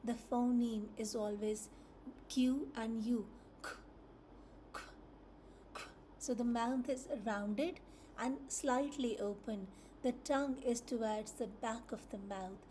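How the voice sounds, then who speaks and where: A woman teaches phonics at a very slow, patient pace, drawing out each letter sound and saying it over and over. Her voice sits a little high but sounds mellow and soft rather than bright. A faint hum of room noise runs underneath. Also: fairly even intonation. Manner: patient, repeats each sound several times, drawn-out sounds.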